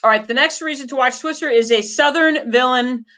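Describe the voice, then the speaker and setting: A woman's voice: high voice, brisk, fairly bright tone. A woman co-hosting a casual podcast chat about a movie, talking in a chatty, enthusiastic, rambling way. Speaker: co-host.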